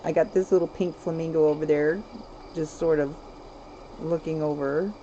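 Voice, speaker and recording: A woman streaming a life-sim game, chatty and giggly, talking straight to her viewers, over steady background noise. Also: low-pitched, normal speed, lo-fi sound. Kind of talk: casual gameplay commentary.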